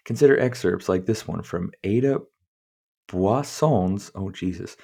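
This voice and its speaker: Low, mellow-voiced man reading aloud. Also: measured pace, gravelly, breathy edge. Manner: stumbles over words, swears freely, chuckles at the text. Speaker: podcast host. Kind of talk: reading a book aloud with casual commentary.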